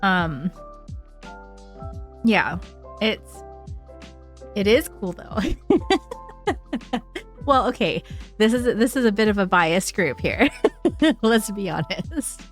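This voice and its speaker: A woman's voice: mid-range voice, animated, slow, pauses often, soft background music. A woman live streamer chatting casually with her viewers, frank and chatty, swearing freely and using lots of filler words.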